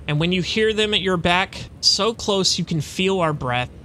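A man's voice: sits high, moderate pace, sharp tone, a little hiss or hum. A man reading the lines of a mad, arrogant male cultist in a video game, with a taunting manner. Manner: taunting, grating laughter.

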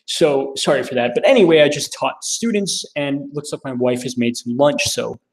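A man's voice: mid-range voice, moderate pace, poor audio. A young American man giving an informal philosophy lecture, thinking aloud with frequent restarts and fillers.

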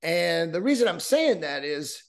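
A man's voice: on the high side, big pitch swings, measured pace. A man with a slightly raised voice hosts his own podcast and talks straight into a studio mic. He rambles, swears freely and drifts off into asides as he goes. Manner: loose, profane, rambling with asides. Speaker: podcast host. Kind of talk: casual solo podcast monologue.

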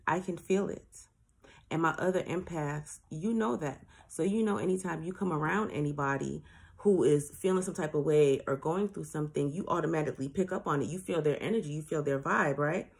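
A woman's voice: deep voice, gravelly, a little mellow, breathy edge. A woman in her late thirties, a spiritual advisor hosting her own show, talking casually and earnestly to her viewers, mixing jokes with serious advice. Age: late 30s. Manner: chatty and informal, mixes jokes with earnest advice. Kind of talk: casual spiritual talk to camera.

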